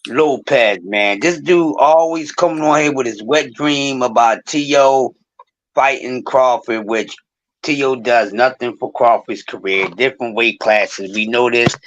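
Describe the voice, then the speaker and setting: A man co-hosting a casual sports podcast, ranting in an animated, sarcastic way. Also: mid-range voice, a little slow, poor audio. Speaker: podcast co-host.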